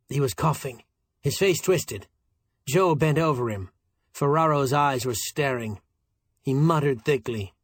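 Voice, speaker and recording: Male audiobook narrator, husky voice, dry close sound, steady delivery. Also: mid-range voice, unhurried, no room sound. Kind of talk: scripted narration.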